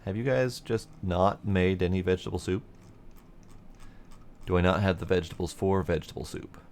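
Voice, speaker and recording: A man's voice: low voice, steady tone, moderate pace, gravelly, a little mellow, slight background noise. A man giving casual let's play commentary, thinking aloud as he plays and swearing mildly now and then. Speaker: gameplay commentator.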